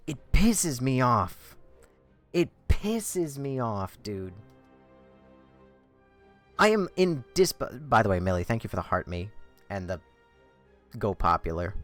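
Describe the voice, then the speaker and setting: Lively, swearing man streaming. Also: on the low side. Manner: profane, exasperated ranting. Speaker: game streamer. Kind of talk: livestream chat.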